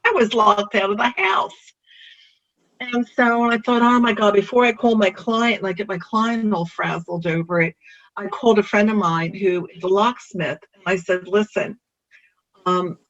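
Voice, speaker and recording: A realtor telling a personal story in an animated way, the pitch jumping up for emphasis. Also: normal speed. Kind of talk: personal anecdote. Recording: dull lo-fi recording.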